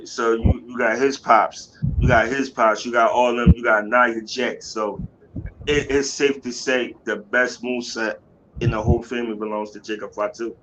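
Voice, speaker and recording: A man's voice: medium pitch, flat delivery, normal speed, highs cut off, background noise. A man co-hosting a podcast in loose casual chat, often restarting and repeating his phrases. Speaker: podcast co-host.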